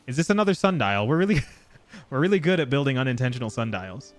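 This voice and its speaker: Man, casual live-stream gamer, loose, excitable and a bit profane, mid-range voice, soft music behind. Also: mid-range voice, fast. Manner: casual, excitable, swears freely, talks to his chat. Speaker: game streamer. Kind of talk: casual live gameplay chat.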